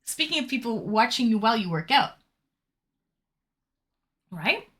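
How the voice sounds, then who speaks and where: A woman streamer with a bright, sharp-edged voice pitched a little high chats casually with her viewers. She reads their messages aloud, teasing them and tossing in the odd swear word. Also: sing-song, unhurried. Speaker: live streamer.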